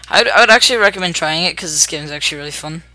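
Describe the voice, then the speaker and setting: A young adult gaming host giving chatty, upbeat commentary while playing, narrating each move out loud. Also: medium pitch, racing, dry recording, faint music behind. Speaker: gameplay video host. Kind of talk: casual let's-play commentary.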